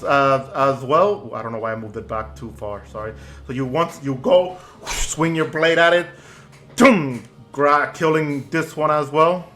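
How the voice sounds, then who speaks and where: A man running a tabletop game as game master, narrating actions casually with spoken booms. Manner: relaxed narration with sound-effect booms.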